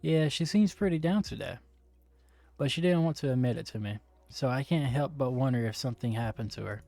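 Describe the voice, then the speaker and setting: A man's voice: medium pitch, a little fast, creaky, mellow, dry recording, faint music behind, lightly acted. A man voicing a worried teen boy, reading his lines plainly and earnestly.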